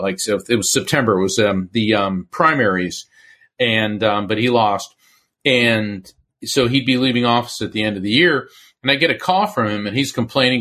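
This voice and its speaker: A middle-aged man, a medium and former attorney, telling stories as an interview guest and acting out the voices of the people he quotes. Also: medium pitch. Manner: animated storyteller who acts out quoted voices. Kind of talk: conversational interview storytelling.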